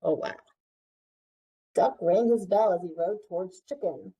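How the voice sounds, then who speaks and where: A woman librarian reading a picture book aloud to children, pausing often to ask them questions. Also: mid-range voice, dark tone, slightly rough, poor audio. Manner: interactive, asks children questions.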